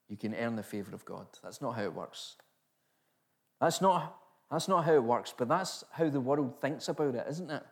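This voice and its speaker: A man preaching a sermon, building emphasis through repeated rhetorical questions. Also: mid-range voice.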